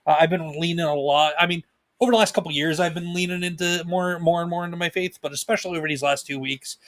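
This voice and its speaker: A man's voice: a little high, steady tone, fast talker, a bit bright. A man co-hosting a casual livestream chat with his wife, talking in a laid-back, rambling way with fillers and laughs. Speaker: co-host. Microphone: home desk mic, video call.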